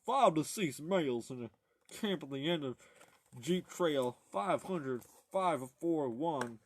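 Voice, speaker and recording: A man's voice: a little high, lively intonation, slow. A man voicing a male officer radioing in a report, using a put-on accent he cannot place, in a clipped official manner.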